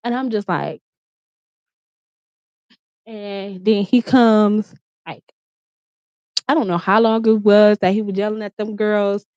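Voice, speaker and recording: A woman's voice: medium pitch, takes it slowly, pauses often, a little mellow, smooth, no echo. Woman telling a candid story, dry lo-fi. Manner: candid, profane, lots of "like" and restarts. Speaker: vlogger. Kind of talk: casual storytime. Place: her bedroom. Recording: dry, slightly dull lo-fi sound.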